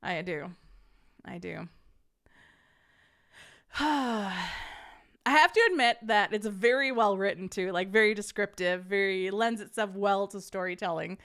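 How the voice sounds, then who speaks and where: A woman's voice: medium pitch, fairly bright tone, smooth. A young adult woman hosting a podcast, casually reading a story aloud to her live chat and laughing often. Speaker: podcast host reading stories.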